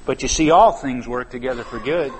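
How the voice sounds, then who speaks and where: A man's voice: medium pitch, brisk, breathy edge. A man preaching a sermon at a church conference, conversational and then suddenly emphatic on key words. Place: large church conference hall. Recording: reverberant hall with faint ambience.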